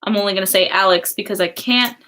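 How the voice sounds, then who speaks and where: A woman's voice: mid-range voice, fast talker, sharp tone. A young woman chatting casually on a livestream, reading chat and laughing often. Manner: giggly, chatty, many fillers.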